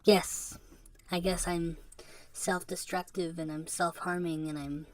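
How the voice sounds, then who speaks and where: A woman hosting a podcast into a microphone, talking in a halting, rambling confessional monologue that is broken by rueful laughs and sounds depressed. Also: fairly low pitch, flat delivery, darkish tone. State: depressed and subdued. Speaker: podcast host.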